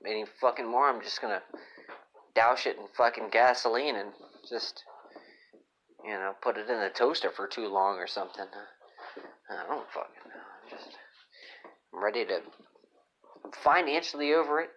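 Through a dull lo-fi phone app recording comes a man's mid-range, fairly bright voice. He's a podcast host doing a crude, rambling comedic monologue, swearing all the time and sounding moody.

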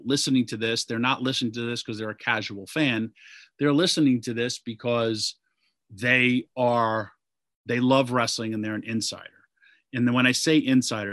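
A man's voice: medium pitch, fairly bright tone, dry recording. A man who is a podcast guest, explaining his view earnestly and sometimes speeding up. His voice sits in a middle range. The recording is close and dry. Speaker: podcast guest, wrestling agent. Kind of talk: casual interview chat.

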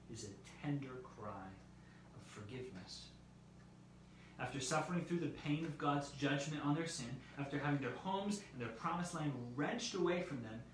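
A man preaching a sermon as pastor, measured, with his voice dropping softly at the ends of phrases. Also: a little high. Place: church meetinghouse or similar room, streamed live. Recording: very echoey room, heard from a distance, faint hiss.

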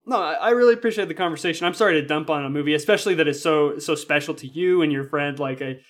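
A man hosting a film podcast talks fast and casually, stumbling into restarts and leaning on filler words. His voice sits a little high for a man, and he rushes from one thought to the next. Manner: quick, chatty, frequent restarts and "like". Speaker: podcast host.

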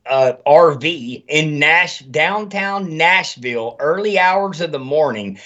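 A man hosts a casual podcast chat and rants with heavy swearing. His voice sits a little high and swings widely. The audio is dull and lo-fi. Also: slow pace. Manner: animated, profane ranting.

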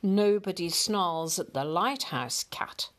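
A woman's voice: fairly low pitch, takes it slowly, a bit bright. A woman doing a huffy, proud ginger lighthouse cat. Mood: indignant. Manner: huffy, indignant declarations. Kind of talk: storybook reading.

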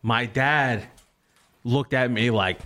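Casual podcast co-host, young man, average pitch, rambling, cursing, self-mocking. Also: slow pace, bright, forceful tone. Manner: rambling, swears freely, laughs at himself. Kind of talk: casual storytelling chat.

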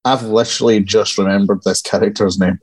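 A man's voice: lowish voice, steady tone, brisk, husky. A man on a podcast joking about himself and laughing easily with his friends. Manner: self-deprecating, laughs easily. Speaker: podcast co-host, filmmaker. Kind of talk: casual chat among friends.

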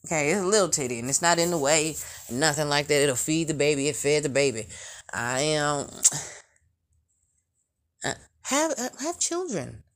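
A woman talking frankly in a casual monologue, rambling and profane, with blunt asides and bursts of mimicry. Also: a little fast. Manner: mimics sounds with shrill outbursts. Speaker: vlogger.

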